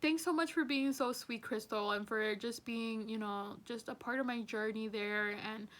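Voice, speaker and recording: Earnest, rambling young woman, higher voice. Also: normal speed, fairly bright tone. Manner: rambling and earnest, many fillers. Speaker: teaching assistant. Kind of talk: heartfelt farewell message.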